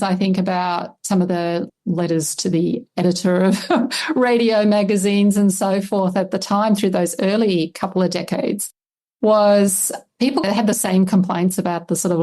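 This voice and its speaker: A woman's voice: mid-range voice, warm tone. A middle-aged Australian woman, a historian, answering interview questions thoughtfully with many "I mean" asides. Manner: thoughtful, with frequent "I mean" and light laughs. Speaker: historian and lexicographer guest.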